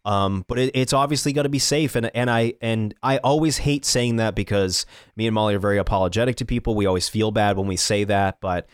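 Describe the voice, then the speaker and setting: A man in his thirties hosting a podcast in casual chat, halting and restarting often, with wry jokes. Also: fairly low pitch, clean tone, no echo, studio quality. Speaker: podcast host.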